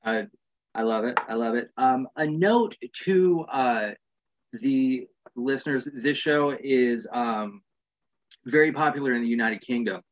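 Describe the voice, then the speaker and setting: A man's voice: medium pitch, measured pace. Laid-back male podcast host, muffled. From United States. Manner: laid-back, rambling, swears casually. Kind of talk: casual interview.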